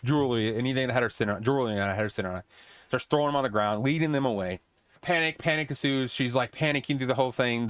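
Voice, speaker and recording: A man's voice: medium pitch, a bit bright, dry recording. A young man hosting a podcast, casually recapping an old movie scene by scene, rambling, laughing and swearing as he goes. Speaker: podcast host.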